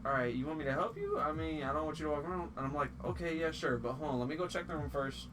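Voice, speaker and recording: A man's voice: fairly high pitch, quick pace. A man telling a funny story in a casual, profane way, acting out the people he quotes. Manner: animated, profane, acts out quotes. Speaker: guest storyteller. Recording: distant mic with clear background noise.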